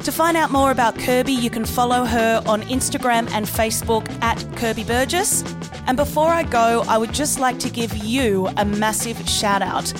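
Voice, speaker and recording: A higher-voiced woman hosts a podcast. She talks with eager enthusiasm and heaps on praise. Music plays clearly behind her. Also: normal speed. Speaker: podcast host. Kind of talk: podcast interview and outro.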